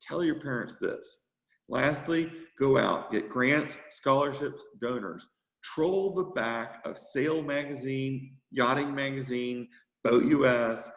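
A man who leads a youth sailing group, giving a brisk, upbeat motivational talk to a meeting. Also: mid-range voice, fairly bright tone, reverberant, poor audio. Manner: brisk and upbeat, rushing to fit his time. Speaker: sea scout skipper giving a presentation.

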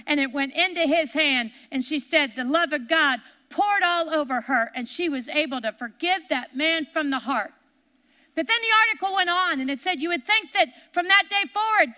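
A woman's voice: very high-pitched, bright, forceful tone, long reverb tail. A woman co-hosting a television ministry program, earnestly retelling a story in sermon style with frequent restarts. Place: television studio set.

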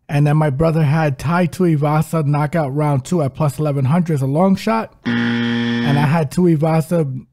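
A man's voice: fairly high pitch, mellow. A man co-hosting a podcast, recapping bets in an easygoing, teasing way. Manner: easygoing, laughs, brotherly teasing. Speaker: co-host of a fight-betting podcast. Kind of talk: casual podcast chat, betting recap.

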